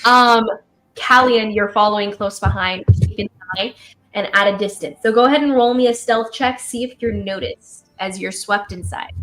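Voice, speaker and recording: A woman narrating as game master in a relaxed way, with many fillers. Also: medium pitch, moderate pace, soft background music.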